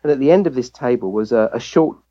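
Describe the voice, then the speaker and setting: A man's voice: medium pitch, expressive, fast, muffled recording. An English man, a family physician, telling a personal story as a guest in an interview, and acting out the voices he quotes. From England.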